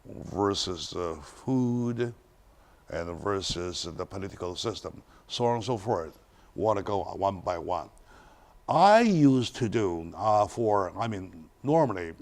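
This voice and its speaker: A man hosting a studio talk show, introducing a guest and speaking in halting phrases with many restarts. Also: lowish voice.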